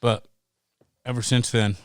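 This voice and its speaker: Animated, profane middle-aged storyteller man. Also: mid-range voice, a little slow, clean tone, dry recording, studio quality. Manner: animated, profane, acts out voices in anecdotes. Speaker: guest, pro snowboarder. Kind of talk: casual storytelling.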